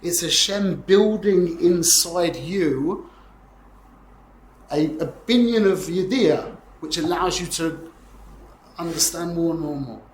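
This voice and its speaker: A man's voice: fairly high pitch, takes it slowly, slight background noise. Man in his forties teaching, roomy echo. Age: 40s. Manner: rambling, conversational, peppered with "yeah?" checks. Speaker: Torah teacher. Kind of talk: informal class lecture.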